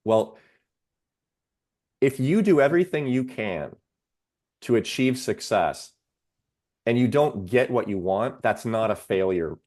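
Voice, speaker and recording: Expressive and a little mellow at medium pitch, this man is a psychiatrist appearing on someone's podcast. It's explanatory interview talk: he lays things out in a measured, steady way, leaning on worked examples.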